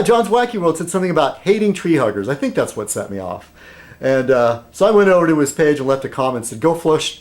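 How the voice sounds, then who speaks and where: A man vlogging in a rambling casual monologue, meandering and interrupting himself, with dry humor. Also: fairly high pitch.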